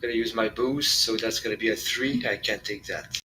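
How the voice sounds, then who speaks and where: A man's voice: lowish voice, normal speed, bright, forceful tone, slight background noise, poor audio. A man playing a tabletop game who thinks aloud hesitantly and laughs between moves. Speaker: player.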